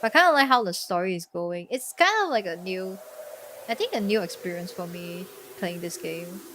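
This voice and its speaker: Woman with a sick, deadpan voice. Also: on the low side, moderate pace, a little hiss or hum. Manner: chatty, trails off and restarts, laughs softly. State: sick, worn-out voice. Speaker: streamer. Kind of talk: casual game-stream commentary.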